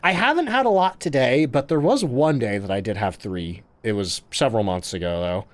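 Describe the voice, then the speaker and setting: A man's voice: mid-range voice, animated, fairly quick. A man casually chatting on a live game stream, reading out chat questions and answering them while he plays.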